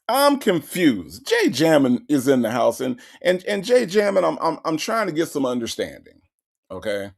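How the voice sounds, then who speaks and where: A man hosting a show, giving sarcastic, animated commentary on a clip. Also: on the high side, normal speed, vocal fry. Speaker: host.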